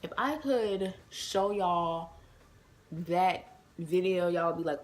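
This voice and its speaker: A woman with a voice a little on the low side tells a storytime vlog to her viewers. She talks loosely and casually, packing her sentences with fillers and calling out to y'all. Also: takes it slowly, fairly bright tone. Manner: chatty, many fillers, addresses viewers as y'all. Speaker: vlogger.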